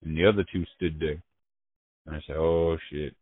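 A man telling his story in casual, profane slang, halting and restarting often. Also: a bass voice, steady tone, breathy edge. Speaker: interviewee. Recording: tinny phone line.

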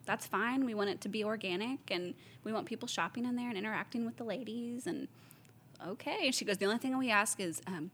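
A woman, a store owner casually telling lively stories, acting out the voices of the people she quotes. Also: mid-range voice, quick pace, hardly any pauses, a little hiss or hum. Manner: animated storyteller, acts out quoted voices, laughs often. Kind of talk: casual chat.

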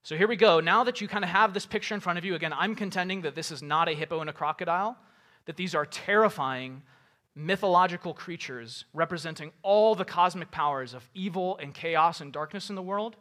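A man preaching a sermon, reading scripture aloud and paraphrasing it in a casual, animated way with rhetorical questions. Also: high voice, fairly quick. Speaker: pastor.

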